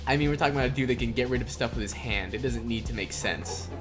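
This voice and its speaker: A young man co-hosting a podcast, talking in a relaxed, joking way with fillers. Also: medium pitch, fast. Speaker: podcast co-host. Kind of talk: casual chat. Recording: clear music underneath.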